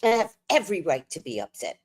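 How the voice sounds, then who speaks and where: A woman's voice: low voice, quick pace. Lady hosting a livestream, swinging her voice all over, cussing through a storytime rant. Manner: animated, profane, worked up. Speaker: livestream host.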